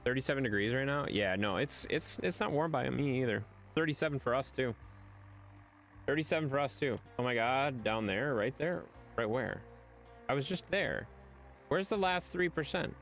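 Lively, chatty male livestreamer. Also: medium pitch, normal speed, faint music behind. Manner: chatty, teasing, rambling with restarts. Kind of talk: casual live-stream chat.

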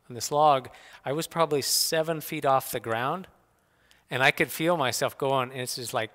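Middle-aged man, church speaker, animated folksy anecdotes; clear bright voice, long hall reverb. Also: mid-range voice. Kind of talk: personal storytelling talk. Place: church sanctuary.

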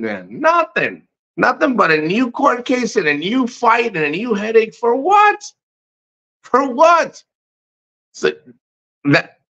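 A man's voice: sits high, sharp tone. Profane, blunt man ranting on a stream. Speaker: livestream host reading chat. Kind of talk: casual livestream chat. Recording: muffled lo-fi stream audio.

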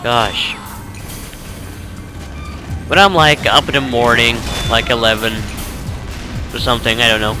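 Man from norway, tired, rambling game commentary, very slow, game music under it. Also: mid-range voice. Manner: rambling, self-correcting, chuckling. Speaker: let's play gamer. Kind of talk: casual gameplay commentary.

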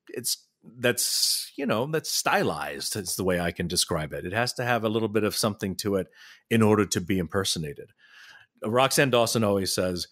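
A middle-aged man chatting as a podcast guest, telling lively stories with frequent laughs and restarts. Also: on the low side. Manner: animated storyteller, laughs often, restarts sentences. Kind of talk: casual interview chat.

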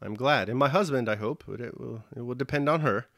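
A man voicing an anxious aristocratic mother, a countess, in an audiobook reading, speaking haltingly. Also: medium pitch, gravelly, fairly bright tone, no room sound, studio quality. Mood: hesitant.

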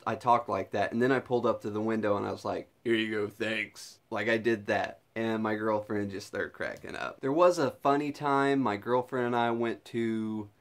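A man's voice: lowish voice, moderate pace, few pauses. Laughing young man chatting to camera. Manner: laughs often, puts on silly voices. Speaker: vlogger. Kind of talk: casual vlog chat.

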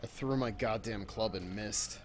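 A man's voice: fairly low pitch, moderate pace, a little hiss or hum. A young man giving let's-play commentary, talking to the game in exasperation and swearing often. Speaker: gameplay commentator.

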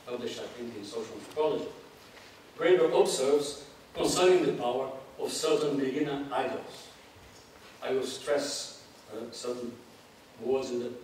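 Male lecturer, mid-range voice, measured academic delivery, heard from a distance in a reverberant hall with faint hiss. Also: mid-range voice, darkish tone. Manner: measured, reads quotations aloud with spoken asides. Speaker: anthropology lecturer.

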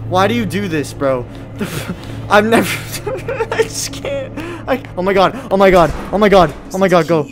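A man's voice: fairly high pitch, very animated, moderate pace, soft background music. A young man playing a horror game, swearing, yelping and laughing nervously as he goes. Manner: jumpy, loud swearing, yelps and nervous laughter. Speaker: gamer.

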